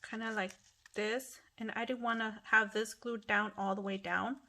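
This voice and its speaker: A woman's voice: mid-range voice, level tone, moderate pace, vocal fry, pushed and bright. A middle-aged woman hosting a casual craft tutorial at home, chatty and apologetic, often restarting her sentences. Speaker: craft channel host.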